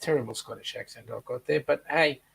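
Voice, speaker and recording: Gravelly Australian man reading chat comments. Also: mid-range voice, normal speed. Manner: joking, reads comments aloud. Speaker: co-host of a live chat stream. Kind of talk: casual live-stream chat reading viewer comments.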